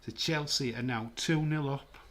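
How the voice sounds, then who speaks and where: A man hosting a livestream, giving relaxed, chatty commentary and reactions while watching a match. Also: mid-range voice, normal speed. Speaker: livestream host. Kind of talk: casual live match commentary.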